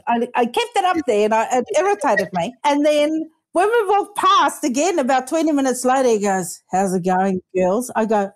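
A woman hosting a podcast in casual chat, blunt and lippy, swearing freely over a video call. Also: high-pitched. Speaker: podcast host.

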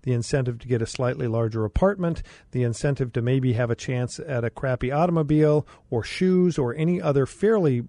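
A man talks as a guest on a studio radio show, his voice gravelly and dark. He speaks in a measured way and agrees with firm emphasis. The sound is dry and close to the mic. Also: medium pitch, no echo. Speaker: studio guest, attorney and former mayor. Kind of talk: radio talk show discussion.

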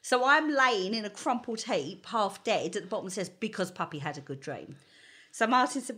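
Animated, bright-voiced woman telling a story. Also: medium pitch, moderate pace, slightly rough. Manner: animated storyteller, laughs often, acts out quotes. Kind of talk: casual chat.

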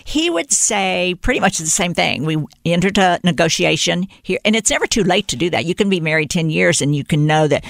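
An older woman with a gravelly, creaky edge to her voice speaks in a casual interview. She tells stories easily and lifts her voice to act out what others said. The room is dry and close. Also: on the low side, a little fast, few pauses, dry recording. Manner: storytelling, animated when quoting. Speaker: guest.

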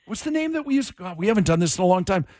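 A man hosting a morning radio talk show, animated and jokey, quick to laugh. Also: sits high, over a noisy crowd.

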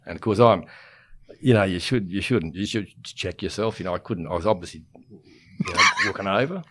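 A man's voice: sits low, lively intonation, moderate pace, very noisy. An Australian man in his sixties, a former chief executive, telling rambling anecdotes as a podcast guest and chuckling as he goes. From Queensland, Australia. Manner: rambling, self-interrupting, chuckles through his stories. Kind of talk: casual anecdotal storytelling.

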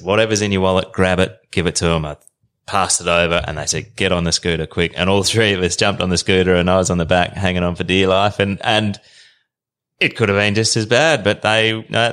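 Australian man in his 30s, deep, relaxed yarn-spinning guest. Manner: animated, colloquial yarn-spinner. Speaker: podcast guest. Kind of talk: casual storytelling.

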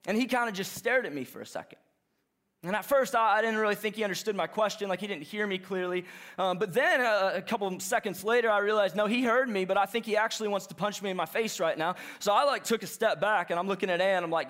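A young adult man preaching a sermon, telling a story in an animated, chatty way. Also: high voice, quick pace. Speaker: pastor.

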